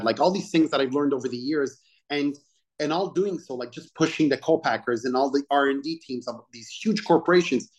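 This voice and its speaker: A middle-aged man, a chef and restaurateur, talking in casual conversation, excitable and swearing freely with lots of fillers. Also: medium pitch.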